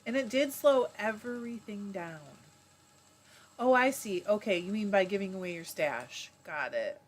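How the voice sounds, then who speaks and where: A woman's voice: medium pitch, lively intonation, a little slow. A woman hosting a live stream in a casual, chatty way, reading viewer comments aloud, laughing often and breaking off mid-word. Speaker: livestream host.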